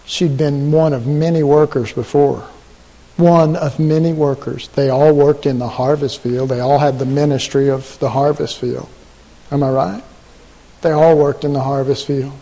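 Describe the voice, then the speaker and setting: Preaching in a hall with long reverb, a fairly high-voiced pastor brings a story to life, playing each person's voice with animated delivery.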